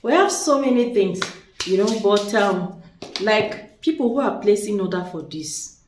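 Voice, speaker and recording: A woman's voice: mid-range voice, lively intonation, measured pace, slight background noise. A woman showing off spiritual products in a chatty, persuasive way, repeating words for emphasis. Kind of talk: casual product showcase. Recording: echoey room, distant mic.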